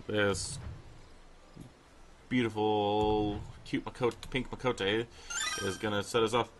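A man's voice: on the low side, steady tone, takes it slowly, a little hiss or hum. A man hosting a gameplay video, rambling with lots of fillers. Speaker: gaming video host. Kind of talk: gameplay commentary.

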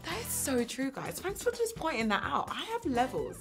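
A woman's voice: sits high, huge pitch swings, normal speed, fairly bright tone, faint music behind. Brash British woman comedian in her thirties. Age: 30s. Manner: brash, boastful and self-mocking. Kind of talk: quick-fire interview game.

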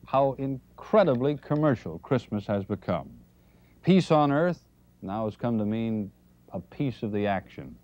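A man voicing a weary older department-store Santa who speaks gently and hesitantly, on a dull lo-fi 1970s TV tape. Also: mid-range voice, lively intonation, measured pace, no room sound, voice pushed up, lightly acted. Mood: gentle.

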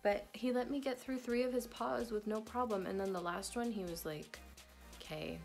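Young pregnant woman, chatty vlog update, slightly gravelly, soft music behind. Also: fairly quick. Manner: chatty, talks baby-talk to her cat in a high sing-song voice. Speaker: vlogger.

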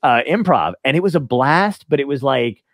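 A man's voice: medium pitch, lively intonation, normal speed, no echo, clean studio sound. A man hosting a podcast, telling stories in a loose, laughing way with plenty of swearing. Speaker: podcast host. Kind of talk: casual chat.

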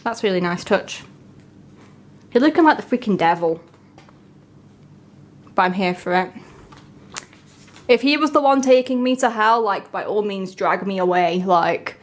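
A young woman, chatting casually and gushing with excitement as she unboxes albums. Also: mid-range voice, moderate pace, long pauses. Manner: gushing, excitable, breaks into gasps and soft whispers.

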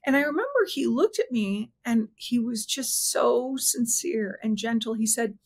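Higher-voiced woman telling a personal story. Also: animated, breathy edge. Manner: earnest, halting with restarts. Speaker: interview guest.

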